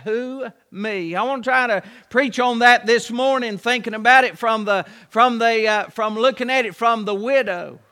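Brief: pastor, man, very high and bright voice, slow folksy sermon, long church reverb. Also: smooth. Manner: folksy, storytelling, asks rhetorical questions.

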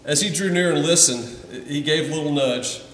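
A man's voice: on the high side, moderate pace, fairly bright tone, slight background noise. Male pastor, earnest sermon delivery with repeated starts; recorded from far back in a roomy hall. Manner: earnest, repeats words when starting phrases. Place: church sanctuary.

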